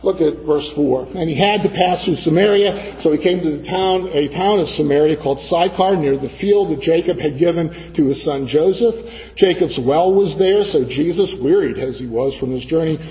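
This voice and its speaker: A man's voice: on the high side, normal speed, warm tone. A man from preaching a sermon, telling a personal story and acting out the other people's voices. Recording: dull sound in a reverberant church hall.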